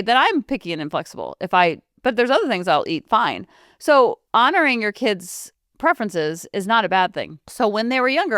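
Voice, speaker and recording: Chatty woman podcast host, lively swoopy pitch, smooth voice, dry close sound. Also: dry recording. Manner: animated, chatty, jumps between asides. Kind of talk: casual chatty monologue.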